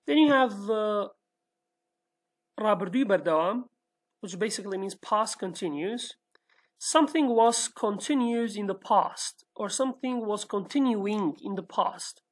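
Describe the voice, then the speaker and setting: A woman's voice: mid-range voice, expressive, a little slow. A woman with a Kurdish accent and Kurdish as her first language, teaching a language lesson patiently step by step and often checking with "okay?". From Iraqi Kurdistan, Sulaymaniyah.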